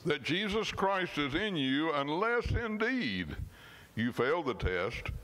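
A man, a pastor, preaching a sermon in church. He reads scripture slowly and with emphasis, and at times his voice drops suddenly soft. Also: fairly high pitch, big pitch swings.

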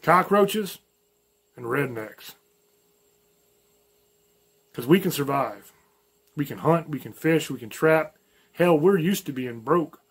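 Southern male host, light drawl, blunt and folksy, a touch higher-pitched, plainspoken monologue. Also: lively intonation, takes it slowly, pauses often, breathy edge. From American South, mountains. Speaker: channel host. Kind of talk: opinion monologue to camera.

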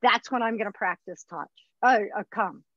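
A woman's voice: mid-range voice, moderate pace, a bit bright, no echo, lo-fi sound. A woman dog trainer teaching a puppy class in a chatty, upbeat way. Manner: chatty, upbeat instructor who acts out dog voices.

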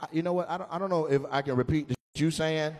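A man doing live stand-up crowd work, teasing audience members in an animated way with loud bursts. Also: fairly high pitch, rapid-fire. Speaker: stand-up comedian.

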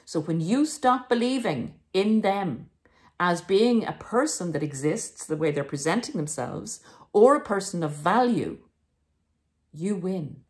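Woman, podcast host, low voice, emphatic, encouraging, self-help monologue. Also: lively intonation, a little slow. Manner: emphatic and encouraging, addresses listeners as guys.

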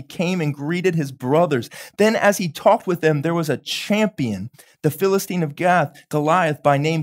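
A man with a notably high speaking voice delivers a live sermon as pastor. He preaches with animation, laughs often, and slips into quick acted-out lines of dialogue.

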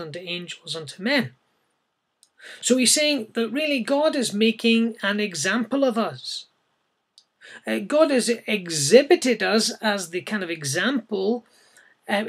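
A man delivers a verse-by-verse sermon in a high voice with a gravelly edge. He reads the scripture aloud and then explains it plainly to his listeners. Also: a bit bright. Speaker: preacher. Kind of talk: sermon, verse-by-verse Bible teaching.

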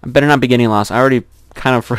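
A young man casually commenting on his own gameplay, chatty and giggly, rambling to himself and squealing high at cute animals. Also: clean tone.

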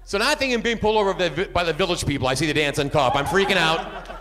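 A man doing a stand-up comedy set, animated and jumping into shouted bits. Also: fairly high pitch, racing, noisy background.

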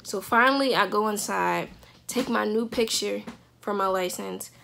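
Speaking at a medium pitch and moderate pace, a young woman with a gravelly voice shares a personal story, laughing a lot and imitating what others said in a casual, lively way. Slight background noise is audible.

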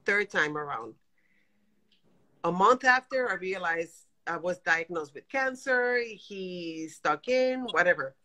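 A woman in her fifties calling in from her apartment over a phone video call, talking in animated, exasperated bursts. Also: lowish voice, slow pace, low-quality recording. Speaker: guest caller. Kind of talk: emotional live-stream chat. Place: home apartment.

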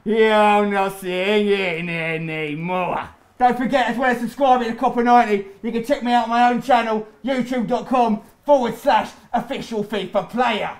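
A young man commentating on his own football video game match, boastful and excitable, taunting his opponent and shouting at the big moments. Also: very high voice, a little fast, hardly any pauses. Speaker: gaming YouTuber. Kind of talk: live gameplay commentary with trash talk.

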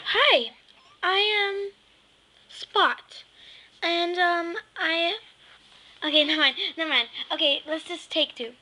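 A woman's voice: extremely high pitch, slow pace, long pauses, pushed and bright, rough recording. A female speaker clowning through a homemade comedy skit, giggly and goofy, now and then breaking into silly sing-song. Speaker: home video maker.

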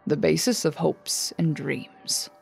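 A woman's voice: fairly low pitch, fairly even intonation, vocal fry, husky, soft background music, exaggerated voice. A woman voicing an eerie dead museum guide. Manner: slow, hushed, formal address over an intercom.

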